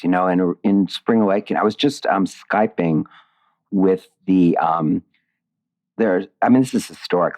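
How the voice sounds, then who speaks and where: An American playwright and lyricist, appearing as a guest in a conversational interview, tells stories in an animated, emotional way with many restarts. His voice is low.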